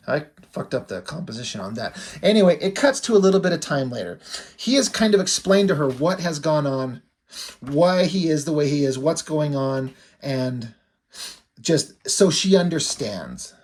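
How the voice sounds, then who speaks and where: A man's voice: medium pitch, expressive, normal speed, darkish tone. A man giving casual, candid commentary on his own comic pages, self-critical and swearing now and then. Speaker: comic artist and channel host.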